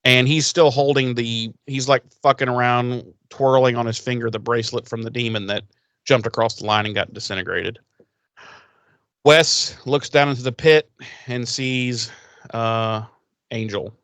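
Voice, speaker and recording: A man's voice: medium pitch, steady tone, moderate pace, fairly bright tone, dry recording. A podcast co-host man recapping a TV episode in rambling casual chat, acting out the characters' lines and swearing freely.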